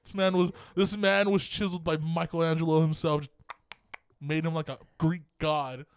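Excitable, swearing young man telling stories. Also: on the high side, normal speed, clear, resonant tone, dry recording, studio quality. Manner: excitable, profane storytelling. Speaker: podcast co-host. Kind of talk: casual chat.

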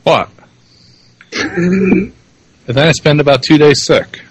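A man's voice: fairly high pitch, slow pace, slightly rough, no echo, low-quality recording. A man co-hosting a podcast, chatting casually, rambling and laughing often, with some swearing. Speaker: podcast co-host. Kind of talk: casual chat.

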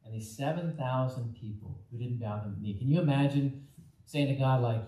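A man's voice: mid-range voice, fairly quick, a little mellow. A man from Texas preaching a conversational sermon as pastor, often acting out the voices of Bible figures. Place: church sanctuary. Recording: echoey church hall from off mic.

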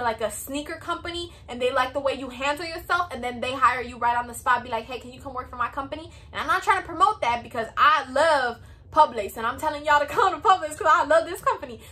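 A woman's voice: high-pitched, sharp tone. A woman in her twenties with a Hispanic American accent, giving work advice in a chatty, peppy, repetitive vlog style. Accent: Hispanic American English.

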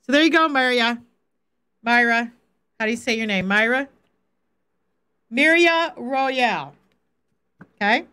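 A woman's voice: on the high side, lively intonation, a little slow, pauses often, sharp tone, clean tone. A middle-aged woman, a faith coach, giving a Bible teaching on a livestream and talking firmly and directly to viewers in the chat. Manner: direct, firm, talks straight to viewers in the chat.

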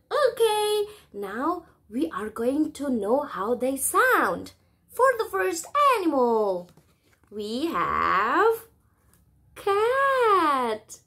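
Young woman, kindergarten teacher, very high voice, slow deliberate delivery, exaggerated sing-song, animal noises. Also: a bit bright. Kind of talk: microteaching lesson for young children.

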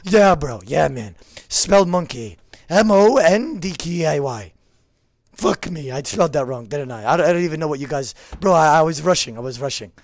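A man's voice: fairly high pitch, animated, normal speed, no room sound. A man streaming a game, talking casually with lots of swearing, trash talk and repeated phrases. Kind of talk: casual live gameplay commentary.

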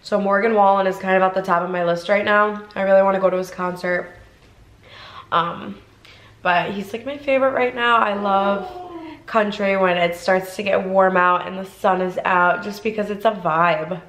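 A woman's voice: medium pitch, moderate pace, a bit bright, reverberant, low-quality recording. A young woman from Ohio chatting casually through a mukbang vlog, rambling with lots of fillers. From Ohio, USA. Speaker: vlogger. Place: inside a car.

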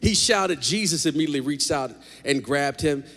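A man preaching a lively sermon as pastor, joking with the congregation in a large church. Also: a little high, moderate pace. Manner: animated preaching, jokes with the congregation. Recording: long hall reverb.

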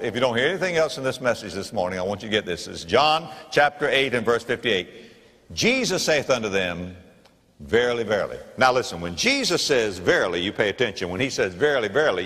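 A man's voice: medium pitch, a bit bright. A man with a Southern American accent, a pastor preaching an emphatic sermon in a church and repeating key phrases for weight. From Florida, United States. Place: church sanctuary. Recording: reverberant church hall.

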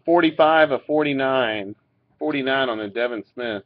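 At a moderate pace, a man with a mid-range voice opens card packs and names each card as it comes. He keeps it laid-back with occasional swearing and laughter, recorded on a webcam mic with dull, lo-fi audio.

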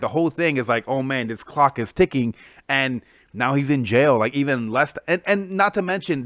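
Excitable young man gushing about comics. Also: mid-range voice, no room sound, clean studio sound. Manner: excited, slangy, lots of "like" and "freaking". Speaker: comic book reviewer, channel host. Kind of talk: casual comic review.

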